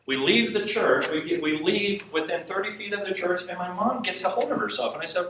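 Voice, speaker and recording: A man preaching, telling a personal story with animated quotes and frequent laughs. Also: sits high, fairly quick, hardly any pauses. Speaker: preacher teaching on intercession. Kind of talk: sermon storytelling. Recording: echoey hall from far off, faint hiss.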